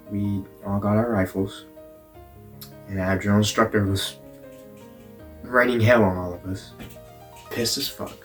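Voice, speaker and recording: A man's voice: fairly low pitch, darkish tone. A young man talking straight to camera, blunt and full of swearing, often stumbling and repeating words as he tells a personal story. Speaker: vlogger. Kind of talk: candid storytelling monologue.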